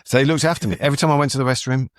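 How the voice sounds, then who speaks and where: A man's voice: medium pitch, rapid-fire, dry recording, clean studio sound. A middle-aged British man, a comedian, telling a story as a podcast guest and acting out the people in it. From Britain. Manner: animated storyteller who acts out voices in quotes.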